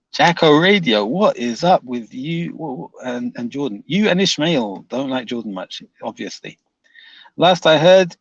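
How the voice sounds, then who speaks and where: A man's voice: medium pitch, husky, dry recording, lo-fi sound. A man hosting a casual livestream, reading viewer comments aloud and teasing them, laughing often.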